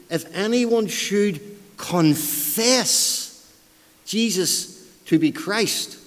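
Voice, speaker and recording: A man delivers a sermon with an emphatic, repetitive style, driving home his points and dropping in wry asides about himself. His voice sits a little high for a man. The sound rings with the long reverb of a large hall. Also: darkish tone. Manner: emphatic, repeats key phrases for stress. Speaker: preacher.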